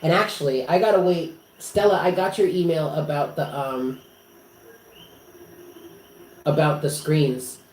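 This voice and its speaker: His voice sits a little high and slightly mellow, moving at a measured pace with frequent pauses. He's a psychic reader on a live stream in his apartment, chatting loosely and emotionally with many fillers. Faint noise and room echo are audible.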